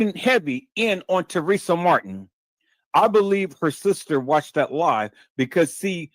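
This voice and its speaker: Animated man ranting on a livestream. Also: on the high side, unhurried, no echo. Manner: repetitive, stammering restarts, emphatic and profane. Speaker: livestream host. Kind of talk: heated livestream commentary.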